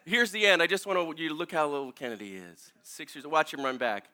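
A male pastor preaching a sermon in a casual, animated way, laughing as he tells a story and talking with many fillers. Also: a little high, quick pace, hardly any pauses.

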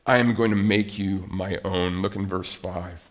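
A man preaching a sermon, reading scripture aloud with dramatic emphasis, swinging between loud urgent lines and quiet drawn-out ones, often correcting himself mid-sentence. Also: low-pitched, steady tone. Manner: frequent self-corrections and restarts while reading scripture. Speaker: pastor.

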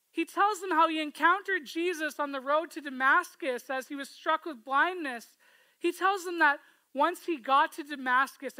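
Delivering a sermon, this woman recounts the scripture story with expression, repeatedly asking the congregation to imagine being there, in a high, bright voice. The recording is dry, close and echo-free but low in quality.

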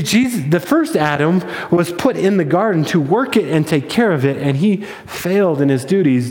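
A man preaches in a fairly high voice, telling his story with emphasis and building toward excitement. A long reverb trails his words through a large hall. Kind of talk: sermon.

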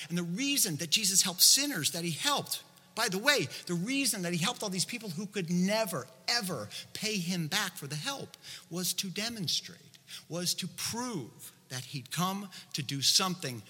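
A man's voice: high voice, bright, forceful tone, husky. A male preacher giving a sermon, conversational and explanatory, full of asides to the congregation, recorded with long hall reverb.

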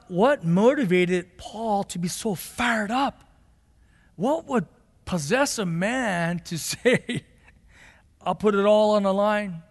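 A male pastor delivering an impassioned sermon, swinging from forceful, emphatic passages to low, slow, quiet stretches. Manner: impassioned preaching, rising to shouts then dropping low and slow. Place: church sanctuary. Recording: long hall reverb of a sanctuary.

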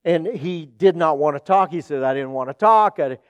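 Male pastor preaching, earnest storyteller who voices his characters, pitched a bit high, dry close sound. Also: expressive, normal speed, clear, resonant tone, no echo. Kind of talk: sermon with personal storytelling.

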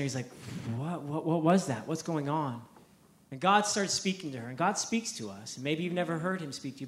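A man's voice: on the high side, roomy sound, a little hiss or hum. A man preaching a sermon, telling a story with energy, repeating words and acting out the quotes.

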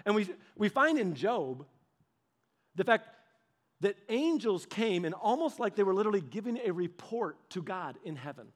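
A man's voice: high voice, moderate pace. A man preaching a sermon in a conversational way, acting out little dialogues. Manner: animated, acts out little dialogues; conversational, with casual fillers. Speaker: pastor.

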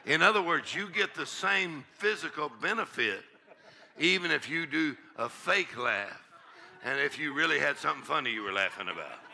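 A man's voice: fairly high pitch, animated, moderate pace, vocal fry, sharp tone. A male pastor with a drawl preaching a charismatic sermon in a church, laughing and whooping often. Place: church sanctuary with congregation.

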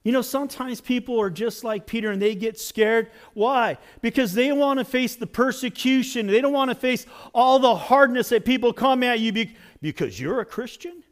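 A man pastor preaching a sermon in an animated, conversational storytelling way. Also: very high-pitched, moderate pace, few pauses.

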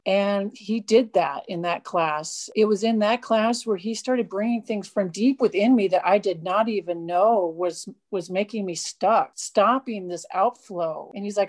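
A woman's voice: mid-range voice, a little slow, hardly any pauses, darkish tone. Earnest woman sharing a personal testimony. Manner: earnest, emotional storytelling. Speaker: guest.

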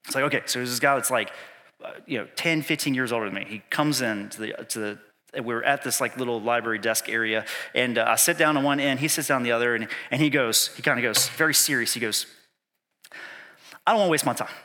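A man's voice: medium pitch, quick pace, sharp tone. A male pastor telling a personal story in a sermon, chatty and self-deprecating, with lots of casual fillers. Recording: long reverb from a church hall.

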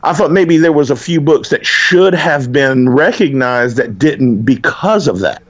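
A man's voice: mid-range voice, unhurried. A man rambling, Southern, lo-fi. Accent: Southern American. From American South. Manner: animated, rambling, frequent restarts. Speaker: writer, podcast co-host. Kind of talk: casual conversation.

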